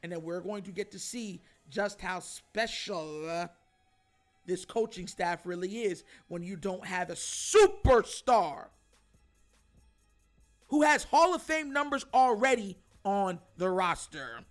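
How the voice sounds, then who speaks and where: High-pitched, emphatic sports show host. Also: male voice, slow pace, faint music behind. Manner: animated and emphatic, addresses viewers as y'all. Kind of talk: sports opinion monologue.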